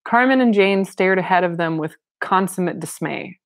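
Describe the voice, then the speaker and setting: A woman's voice: on the low side, animated, normal speed, no room sound. Wry woman reading a novel aloud. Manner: wry asides and frequent laughs. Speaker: reader and commentator.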